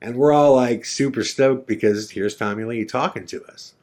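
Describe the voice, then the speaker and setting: A male podcast host telling a story in a casual, animated way, acting out the lines of the people in it. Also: mid-range voice, moderate pace. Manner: animated, acts out dialogue.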